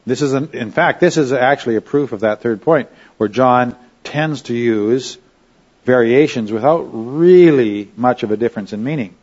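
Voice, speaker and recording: A man's voice: medium pitch, normal speed, a little mellow, breathy edge, dull audio. A man teaching a Bible study lesson in a conversational way, often checking in with his listeners.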